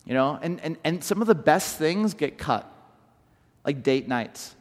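A man from Southern California preaching a sermon, telling stories in an animated way and often restarting his sentences. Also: a little high, unhurried, long reverb tail. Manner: animated storytelling with repeated restarts. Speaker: pastor.

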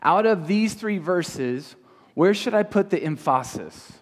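An animated man with a high voice leads a youth group as their pastor. Teaching in an echoing hall full of people, he keeps throwing quick questions at his listeners.

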